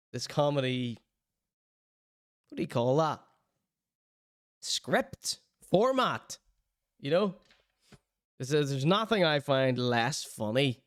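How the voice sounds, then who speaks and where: A man's voice: a little high, smooth, dry recording, studio quality. Chatty man hosting a podcast. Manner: laughs often, chatty commentary. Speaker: podcast host. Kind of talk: casual podcast chat reacting to clips.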